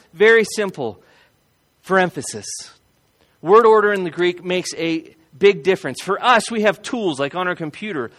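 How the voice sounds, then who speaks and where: A man preaching a sermon as a pastor, earnest and emphatic, repeating key phrases and slowing down to stress them. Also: high-pitched, fairly bright tone.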